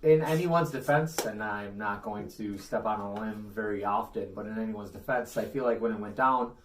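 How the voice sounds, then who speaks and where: Deadpan male co-host, echoey room. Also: fairly low pitch, moderate pace, noisy background. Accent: Western New York. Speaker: talk show co-host. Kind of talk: casual banter. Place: underground bunker room. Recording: echoey room, distant mic.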